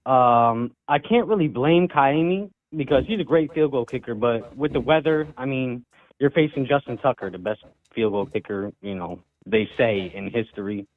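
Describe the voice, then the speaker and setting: Calm man caller on a tinny phone line. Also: medium pitch, moderate pace. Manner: calm, reflective, disappointed but even-tempered.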